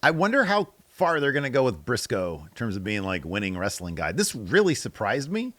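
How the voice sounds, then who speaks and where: Lively, chatty male podcast host. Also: mid-range voice, a little fast, no echo. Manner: chatty, opinionated, laughs at own jokes. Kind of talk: casual reaction commentary reading viewer comments.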